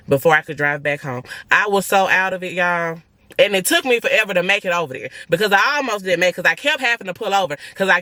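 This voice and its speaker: A young woman, telling viewers an emotional personal story in a blunt, animated, profane way. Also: on the low side, no room sound. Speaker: family vlogger.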